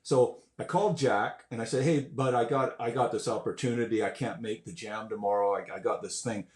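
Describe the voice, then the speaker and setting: An older man, a guest musician, telling stories in a casual way, animated and swearing, acting out quotes and sounds. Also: fairly low pitch, brisk. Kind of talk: casual storytelling. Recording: roomy echo.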